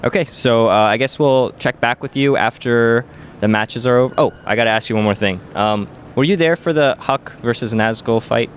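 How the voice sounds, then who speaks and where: A man with a mid-range voice and moderate pace interviews a player at a bustling gaming event, playful and chatty with lots of "um" and "like." A little hiss or hum sits in the background.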